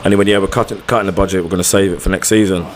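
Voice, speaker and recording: A man's voice: low-pitched, steady tone, rapid-fire, a little hiss or hum. A man, a football manager and podcast guest, telling stories from his career in a blunt, sweary, colloquial way. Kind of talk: casual storytelling chat.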